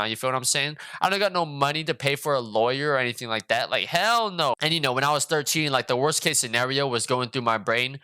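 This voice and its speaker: Bright-voiced, slangy man telling a story. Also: medium pitch, quick pace, few pauses, smooth, no echo. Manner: slangy, animated, swears often. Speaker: vlogger. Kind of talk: casual storytime.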